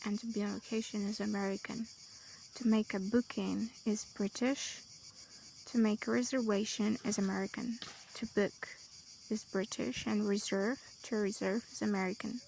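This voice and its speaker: A woman teaching English vocabulary, slowly listing word pairs one after another. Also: mid-range voice, vocal fry, a little hiss or hum, low-quality recording. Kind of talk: vocabulary lesson.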